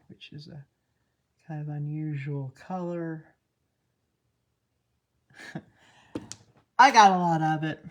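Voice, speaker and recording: A woman with a Southern US accent, just woken up and sleepy, chatting casually through a live stream as she thinks aloud over space weather charts. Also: deep voice. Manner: chatty, laughs often, thinks aloud while scanning charts.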